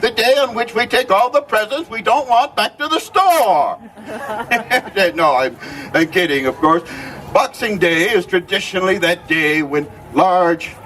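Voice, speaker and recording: A man's voice: sits high, measured pace, fairly bright tone, far from the mic. A man playing a jolly old Christmas gift-bringer, telling holiday stories to a live crowd with theatrical exclamations and frequent chuckles. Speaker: costumed storyteller. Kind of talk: live character storytelling to a crowd.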